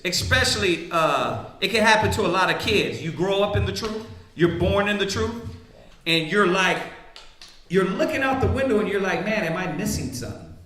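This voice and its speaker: A man's voice: high-pitched, pushed and bright, roomy sound. A man preaching in a casual, conversational way, often asking "right?" and acting out the voices of the people he quotes. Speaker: priest teaching scripture.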